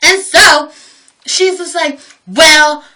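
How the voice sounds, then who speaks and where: A young woman telling a story as a vlogger, cursing freely and swinging between loud bursts and hushed asides. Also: sits high, animated, normal speed, far from the mic. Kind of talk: casual storytelling rant.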